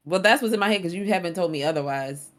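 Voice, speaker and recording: Young woman, lowish voice, casual podcast chat, earnest and patient, mildly exasperated. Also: quick pace. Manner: earnest, explains her complaint patiently with some exasperation. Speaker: podcast co-host.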